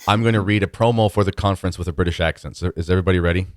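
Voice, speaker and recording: A man's voice: deep voice, racing, no echo. A man hosting a podcast in a chatty, self-deprecating conversational way. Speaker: podcast host.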